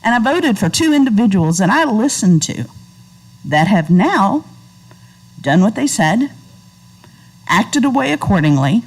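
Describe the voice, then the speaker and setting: A woman's voice: medium pitch, sing-song, unhurried, pauses often, breathy edge, rough recording. A woman speaking earnestly and conversationally during public comment at a school board meeting. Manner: earnest, conversational, faith-tinged.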